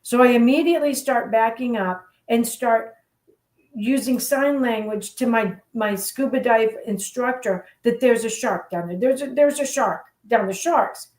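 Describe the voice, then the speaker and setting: A woman hosting a radio show, telling a motivational story in an animated, playful way. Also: fairly high pitch, a little slow. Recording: roomy echo.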